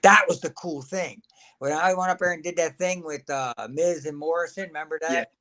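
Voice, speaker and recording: A man's voice: on the high side, moderate pace, pushed and bright. A man, a guest telling stories in a folksy, laughing way. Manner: folksy, laughs often, acts out quotes. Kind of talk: casual storytelling chat.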